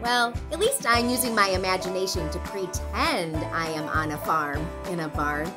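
A woman who teaches pre-K, giving a televised lesson for young children in a playful, animated way and imitating animal sounds. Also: fairly low pitch, normal speed. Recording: children's music playing underneath. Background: light children's music.

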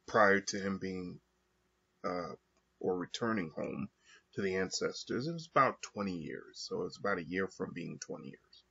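A man talking through his thoughts alone in a slow, halting monologue with frequent pauses and fillers. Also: sits low, creaky, sharp tone, breathy edge. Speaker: podcast host. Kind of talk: reflective monologue. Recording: dull lo-fi recording.

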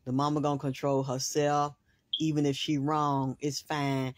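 A woman hosting a spiritual reading, rambling in an excitable monologue and swearing freely in long run-on sentences. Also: low voice, measured pace, no echo. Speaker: host, spiritual reader.

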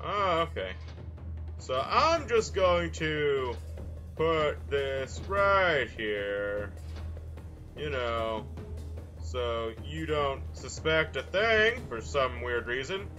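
A man's voice: mid-range voice, sing-song, very slow, pushed and bright, muffled recording, faint music behind. A young man casually commenting on his gameplay in a goofy way, full of silly mild exclamations. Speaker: gameplay video host. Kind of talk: casual let's-play commentary.

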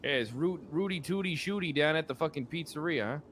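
A man's voice: a little high, brisk. A man streaming a roleplay game, trading profane, wisecracking banter in character. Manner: profane, wisecracking, yells at drivers.

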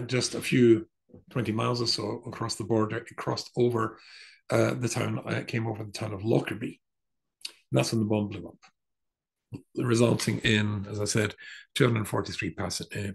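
Older English rabbi with gravelly voice. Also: male voice, lowish voice. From England. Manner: rambling, with many fillers and restarts. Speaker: rabbi giving a talk. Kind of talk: storytelling talk.

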